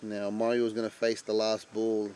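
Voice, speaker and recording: A man giving chatty live commentary on an amateur cricket match. He breaks into loud excitement at wickets. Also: lowish voice, normal speed, clean tone.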